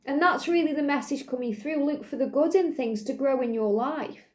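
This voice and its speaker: A woman doing a spiritual card reading for viewers, speaking in a soothing, reassuring way with lots of gentle repetition. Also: high-pitched, moderate pace. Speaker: psychic tarot reader.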